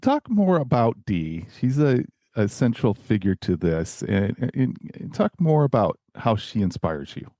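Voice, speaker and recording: A man's voice: medium pitch, very animated, measured pace, few pauses, mellow, no echo, clean studio sound. An older man hosting a podcast interview, encouraging and affirming toward his guest. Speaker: podcast host. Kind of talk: conversational interview.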